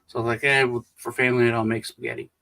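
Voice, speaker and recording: A middle-aged man in casual livestream conversation, rambling along. He restarts sentences and trails off while telling stories, at an average pitch. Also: level tone, very fast, vocal fry, pushed and bright, low-quality recording. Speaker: co-host.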